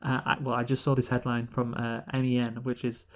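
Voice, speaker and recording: A man's voice: mid-range voice, monotone, brisk. Guy co-hosting a podcast, rambly chat, laughs a lot. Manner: chatty, rambling, laughs often. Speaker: podcast co-host. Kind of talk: casual chat.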